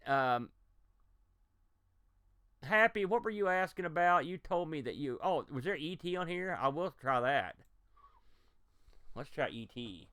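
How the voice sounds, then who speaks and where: Lively man streaming retro games. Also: a little high, measured pace, long pauses, clear, resonant tone, dry recording. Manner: excitable, reacts loudly to gameplay and talks to chat. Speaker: game streamer. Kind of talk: live game-stream commentary.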